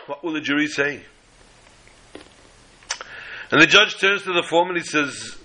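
A man narrates a story with flair, dropping to near-whispers and then rising again. His delivery is slow and deliberate, and his voice carries a bright, forceful edge. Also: a little high, animated, low-quality recording. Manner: dramatic, with big swings between loud and hushed. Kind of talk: dramatic oral storytelling.

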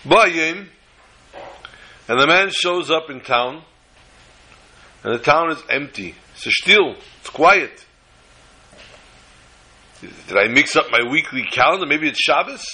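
A man telling a story in a sermon, with an expressive, dramatic delivery. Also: fairly high pitch, slow pace, long pauses, husky, poor audio.

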